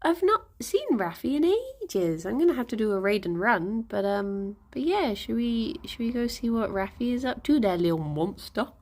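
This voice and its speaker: A young woman from the United Kingdom streams live from indoors at home, chatting casually, giggly and playful as she coos to her pet rabbits. Her slightly high, slightly mellow voice moves with lively intonation at a moderate pace and few pauses.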